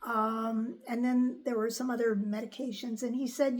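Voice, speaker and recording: A woman's voice: a little high, moderate pace, hardly any pauses. An older woman from the United States, candidly telling a personal story to her viewers in a chatty way. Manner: chatty, animated when quoting others. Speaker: vlogger.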